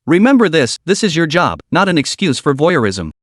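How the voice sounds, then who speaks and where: A man's voice: fairly high pitch, very animated, normal speed, fairly bright tone, dry recording, clean studio sound. A man voicing a cold, stern young woman executive with a curt, commanding manner, read in a recap.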